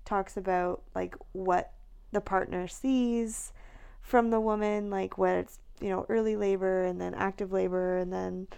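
Gravelly-voiced pregnant woman telling stories. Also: medium pitch, unhurried. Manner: animated storytelling, acts out quotes, laughs often. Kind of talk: casual chat.

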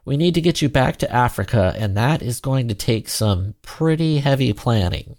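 A man's voice: medium pitch, expressive, normal speed, a little mellow, close to an everyday voice. A man voicing an earnest, kind-hearted young man who stammers and apologizes. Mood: eager.

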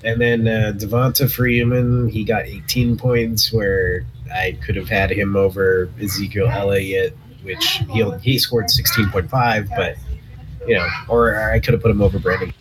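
A man's voice: on the low side, level tone, moderate pace, a crowd in the background, poor audio. A man in a casual podcast chat, talking in an easygoing, rambling way.

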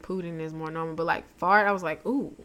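A woman co-hosting a podcast in relaxed, slangy casual chat, sounding sleepy. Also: low voice, fast, faint music behind. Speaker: podcast co-host.

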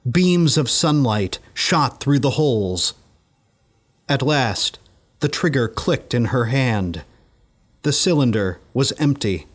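A man narrating a horror story in a measured, deliberate way. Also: mid-range voice, lively intonation.

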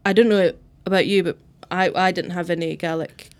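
Female podcast co-host from Fife, mild accent, low register, thoughtful talker. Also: fairly even intonation, a little fast. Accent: Fife Scottish, mild. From Scotland, Fife. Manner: thoughtful, explains at length, laughs easily. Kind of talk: casual chat.

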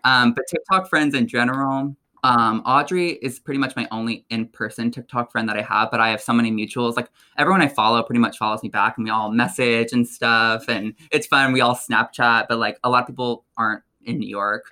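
Bright-voiced excitable young man chatting. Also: medium pitch, a little fast, few pauses. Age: young adult. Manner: chatty and excitable, lots of fillers and laughter. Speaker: guest, college student and social media creator. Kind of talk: casual interview chat.

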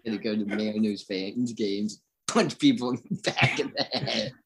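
A man hosting a casual chat, quick to react and tease his guest. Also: lowish voice, fairly bright tone, husky.

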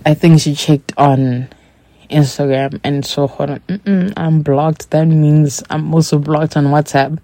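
Low-voiced woman chatting candidly. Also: dark tone, no room sound. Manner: candid, chatty, acts out quoted dialogue; addresses listeners directly. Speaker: podcast host. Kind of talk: casual storytelling monologue.

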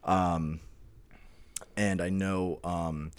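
A man's voice: low voice, level tone, extremely slow, no echo. A man co-hosting a podcast, telling a long story in casual chat with lots of fillers and restarts. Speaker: podcast co-host.

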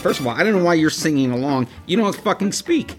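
A man's voice: a little high, lively intonation, fast talker. Man, podcast host, casual chat, blunt, profane, music in background. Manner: blunt, heavy swearing.

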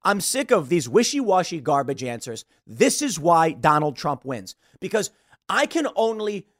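A man's voice: on the high side, moderate pace, no room sound, clean studio sound. A man hosting a show, giving blunt, opinionated political commentary and mimicking the people he talks about. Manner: blunt, animated, mimics others mid-rant. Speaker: show host.

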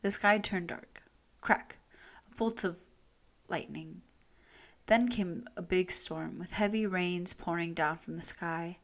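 A woman reading a children's story aloud, expressive and unhurried. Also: on the low side.

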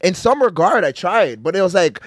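A man's voice: high-pitched, sing-song, a little fast, no echo, studio quality. A young man in casual podcast chat, laid-back and slangy, often chiming in. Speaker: podcast guest.

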